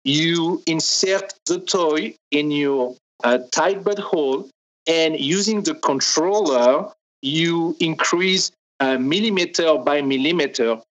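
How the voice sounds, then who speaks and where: A man with a strong French accent, a native French speaker, explaining carefully as a guest in an interview and pausing often. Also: a little high, a bit bright, rough recording. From France. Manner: careful, explaining step by step with many pauses. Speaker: guest, sex toy maker.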